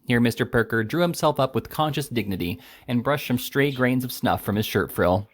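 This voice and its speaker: A man's voice: medium pitch, lively intonation, a little fast, hardly any pauses, dry recording, studio quality. Man reading a classic novel aloud. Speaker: reader. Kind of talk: audiobook narration of a classic novel.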